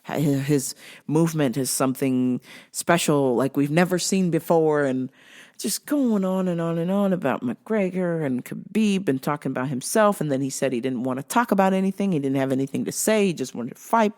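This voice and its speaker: A woman hosting her own show, ranting in a casual, animated and exasperated way, swearing freely. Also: lowish voice. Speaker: show host.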